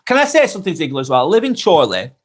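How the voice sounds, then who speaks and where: Talking very fast with huge pitch swings, this man has a husky voice that sits a little high. He's a northwest England live vlog host with a Blackburn and Darwin Lancashire accent, casually reading out viewers' comments in a chatty, friendly tone.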